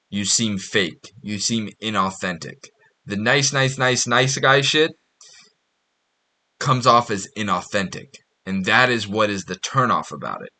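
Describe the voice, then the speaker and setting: A man with a medium-pitched, sharp-toned voice hosts his own podcast. It's a casual monologue, rambling and profane, blunt in its delivery and full of restarts.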